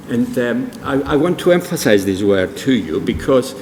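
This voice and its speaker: An older man speaks at a public event in a large museum hall, telling stories and quizzing the listeners. His voice sits at an ordinary pitch for a man. Long reverb trails his words, with faint room ambience underneath. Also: big pitch swings, moderate pace, few pauses, a little mellow, slight background noise. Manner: storytelling, quizzes the audience. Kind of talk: public presentation.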